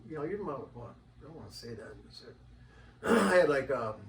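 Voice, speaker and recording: A man talking casually as an interview guest, rambling and animated and acting out the voices of people he quotes. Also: a little high, a little fast, slight background noise. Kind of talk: casual conversation. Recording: roomy, distant mic, faint ambience.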